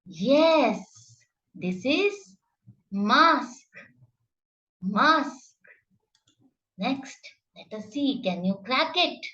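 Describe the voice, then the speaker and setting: A woman's voice: on the high side, animated, extremely slow, long pauses, bright, forceful tone, dull audio. A woman teaching phonics to children, sounding out each letter carefully and praising the listener. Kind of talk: slow, exaggerated phonics teaching.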